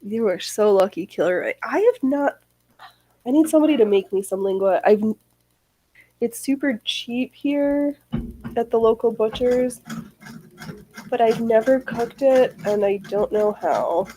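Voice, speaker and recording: A woman's voice: fairly high pitch, animated, measured pace, pauses often, mellow, no echo, rough recording. A woman hosting a livestream, chatting casually and rambling as she answers chat comments, with frequent swearing. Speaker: livestream host.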